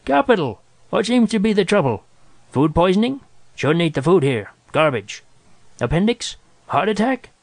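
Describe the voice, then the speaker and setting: A high-pitched, chattering doctor, as a man puts him on for a storybook reading. He is eager for any patient and fires off one question after another. His voice leaps around with excitement. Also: vocal fry, no room sound, heavily acted. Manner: excited rapid-fire questions.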